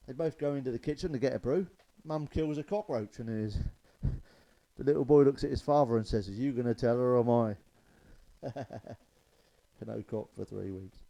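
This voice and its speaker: A stand-up comedian delivers jokes in a relaxed, chatty style, chuckling at his own punchlines. His voice is medium-pitched with a dark tone, and the recording quality is poor.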